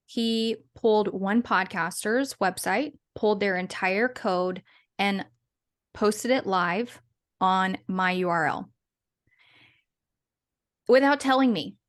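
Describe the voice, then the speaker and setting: A woman's voice: mid-range voice, fairly bright tone. A woman guest in a casual interview, talking in a chatty, rambling way with frequent restarts and small laughs. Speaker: guest, business owner and podcaster.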